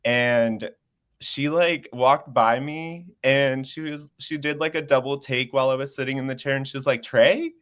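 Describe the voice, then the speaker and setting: A young man in his twenties speaks as a panel guest over a video call. He sounds earnest and open, often breaking into a laugh as he talks. His voice sits at an ordinary middle pitch for a man. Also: fairly even intonation, normal speed, fairly bright tone, clean tone. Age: 20s. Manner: earnest, open, laughs easily while sharing. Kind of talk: casual chat.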